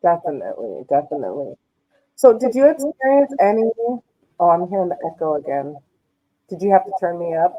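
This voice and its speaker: A woman hosting a podcast, asking calm questions with short affirmations over a Bluetooth headset. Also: fairly low pitch, a little fast. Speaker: podcast host. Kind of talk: casual interview chat. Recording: dull lo-fi Bluetooth audio.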